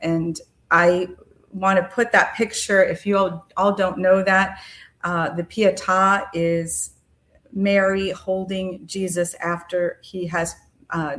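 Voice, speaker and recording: A middle-aged woman hosting a podcast, telling a personal spiritual story in an unhurried, reflective way with frequent ums and uhs. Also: lowish voice, a bit bright.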